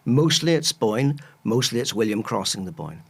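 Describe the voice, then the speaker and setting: A man's voice: medium pitch, sing-song, moderate pace, creaky, breathy edge. A man, a historian guest explaining history with enthusiastic, rambling asides. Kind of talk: casual chat, explaining history.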